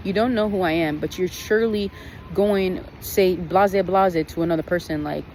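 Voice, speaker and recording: A woman's voice: fairly low pitch, moderate pace, a little mellow, slight background noise, low-quality recording. A woman telling a story on her vlog in a casual, blunt, profane way, venting about her trip. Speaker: vlogger.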